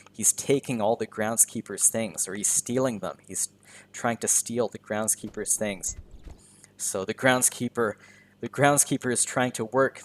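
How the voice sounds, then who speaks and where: A man teaching English by narrating a video game in simple words, often repeating and rephrasing himself as he goes. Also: mid-range voice. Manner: repeats and rephrases simple sentences, self-correcting. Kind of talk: slow, simple narration of gameplay for learners.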